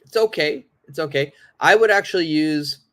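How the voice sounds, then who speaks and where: A man's voice: on the high side, normal speed, bright, forceful tone. A man teaching a live online English lesson, patiently repeating and praising viewers' answers.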